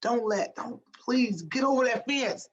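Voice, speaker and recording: A woman in her fifties, a former pro basketball player, telling motivational stories in an interview with an emphatic, animated manner and a habit of repeating herself for emphasis. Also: on the high side, unhurried, highs cut off, slight background noise.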